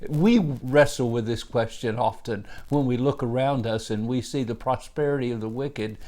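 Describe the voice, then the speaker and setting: A man's voice: mid-range voice, normal speed, dark tone. A male pastor giving a devotional Bible teaching, earnest in tone, with rising emphasis on key words and frequent "uh" fillers.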